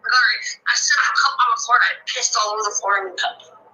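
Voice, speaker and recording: A woman's voice: a little high, steady tone, quick pace, pushed and bright, rough recording. A woman in her thirties telling a personal story in casual talk, blunt and full of swearing, acting out the people she met. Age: 30s. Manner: blunt and heavily profane, acts out the other people in her story.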